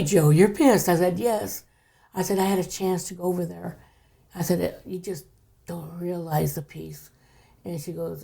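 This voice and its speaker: This is a fairly low, creaky voice belonging to an older woman on a podcast as a guest. She recounts a personal story in an easygoing manner, speaking in a hush and at times slipping into a near whisper.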